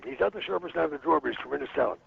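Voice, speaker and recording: A man's voice: a little high, lively intonation, racing, gravelly. A man telling rambling, profane anecdotes as an interview guest, slipping into quoted voices. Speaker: interview guest, former wrestler. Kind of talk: storytelling in a casual interview. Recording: slightly muffled with faint noise.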